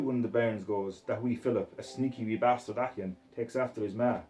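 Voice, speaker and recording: A man's voice: on the low side, steady tone, brisk, few pauses, dark tone, soft background music, low-quality recording. A man with a Scottish accent reading a gritty novel aloud in a coarse, swearing first-person voice. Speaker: reader.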